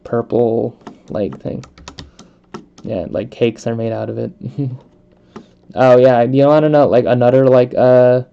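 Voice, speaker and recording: Gravelly, rambling young man chatting while gaming. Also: mid-range voice, dark tone. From United States. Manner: rambling, laughs often, many fillers. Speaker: let's play host. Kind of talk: casual chat while gaming. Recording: dull lo-fi microphone.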